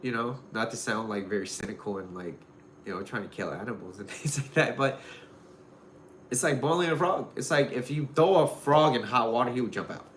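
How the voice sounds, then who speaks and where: A man's voice: medium pitch, moderate pace, fairly bright tone. A man giving casual dating advice in a loose, rambling way, full of "like" and "you know". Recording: roomy echo with faint noise.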